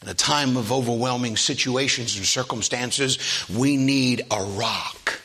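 A man preaching a sermon to a congregation, asking for amens and building from steady talk to loud, high, drawn-out preaching. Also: husky.

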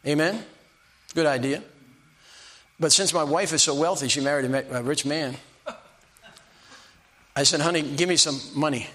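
An older preacher tells homespun stories from the pulpit. His voice sits a little high for a man, and he stumbles and restarts as he goes, then slows right down to land each punchline. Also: sharp tone. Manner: folksy storytelling, stumbles and restarts, slow emphatic punchlines. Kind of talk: sermon with personal stories.

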